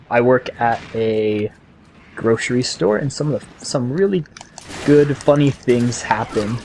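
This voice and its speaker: A young man talks over his gameplay in a rambling, chatty way. His voice sits at a middle pitch. A faint hum of ambience is always there behind him. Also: darkish tone. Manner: rambling, chatty storytelling between game reactions. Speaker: gaming channel host. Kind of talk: casual gameplay commentary.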